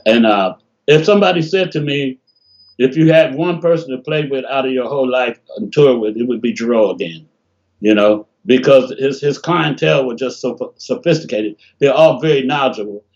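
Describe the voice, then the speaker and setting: An older man from Detroit telling animated stories in a casual interview over a video call, often acting out what people said. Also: medium pitch, moderate pace. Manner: animated, laughing storyteller, acts out quotes. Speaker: interview guest, bassist. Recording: dull lo-fi call audio.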